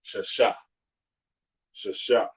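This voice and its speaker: A man teaching a live-streamed alphabet lesson, patiently repeating each sound slowly and clearly. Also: muffled recording. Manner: slow, drawn-out pronunciation drills.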